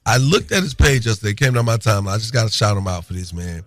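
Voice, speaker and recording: Laid-back lower-voiced male radio host. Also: animated, rapid-fire, no room sound, soft background music. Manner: laid-back, drawling, joking. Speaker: radio morning show host. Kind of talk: casual radio banter.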